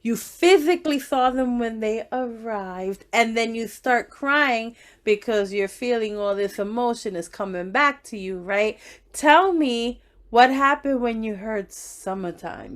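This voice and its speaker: Coaxing woman interviewer, slightly high voice. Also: unhurried. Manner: coaxing, leading questions, calls guest "girl". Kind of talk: casual interview.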